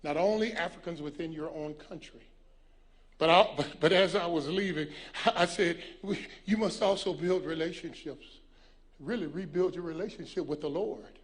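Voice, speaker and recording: A man's voice: fairly high pitch, moderate pace. A man from the United States giving an emphatic preaching address at a large prayer event, often repeating words as he starts a sentence. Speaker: guest speaker.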